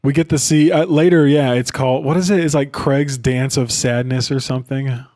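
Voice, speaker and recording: A man's voice: medium pitch, steady tone, normal speed, a little mellow. A man co-hosting a podcast, talking about a film in a loose, laid-back way and saying dude a lot. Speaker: podcast co-host. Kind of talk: casual film chat.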